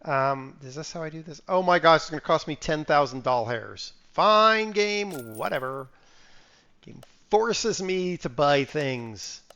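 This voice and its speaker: A man's voice: fairly high pitch, expressive, moderate pace, hardly any pauses, fairly bright tone, lo-fi sound. A man casually commenting on a live game stream. He mutters to himself while playing, breaks into sudden exclamations and sniffles now and then.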